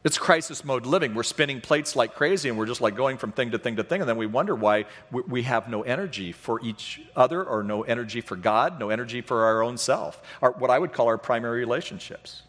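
Middle-aged man, pastor, animated storyteller who mocks himself, mid-pitched, long reverb in the sanctuary. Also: brisk, few pauses. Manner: animated, self-deprecating, acts out voices in his stories. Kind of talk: storytelling sermon. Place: church sanctuary.

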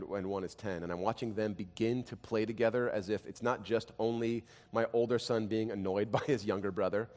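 A man in his thirties preaching a sermon, telling family stories, dropping to quiet and rising to loud. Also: lowish voice. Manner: animated storytelling, swings from quiet to loud. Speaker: pastor. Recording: long hall reverb.

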